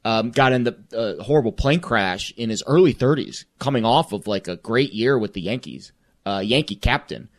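A man co-hosting a sports talk show, speaking reflectively with rambling, halting phrasing. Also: mid-range voice, animated. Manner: rambling, many fillers and restarts, reflective. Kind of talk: casual sports chat.

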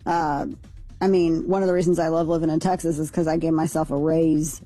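Chatty woman with a dark, husky voice. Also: low-pitched, flat delivery, brisk, faint music behind. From Missouri. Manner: chatty, opinionated, wry. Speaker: radio show co-host. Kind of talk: casual news chat.

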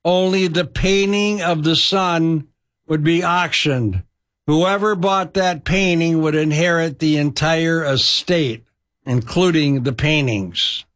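A man voicing a persistent male auctioneer at an estate sale in a spoken sermon story, calling out bids with insistent, drawn-out calls. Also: on the high side, a bit bright. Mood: solemn.

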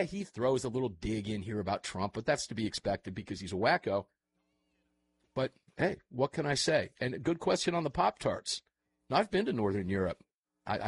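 A man hosting a casual talk show, chatting in a rambling, animated way. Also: mid-range voice, breathy edge, no echo. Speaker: show host.

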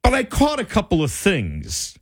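A man telling a personal story in a casual, animated way, full of "like" and restarts. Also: sits high, moderate pace, no echo, clean studio sound. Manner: animated, wide-ranging delivery, lots of "like" and restarts.

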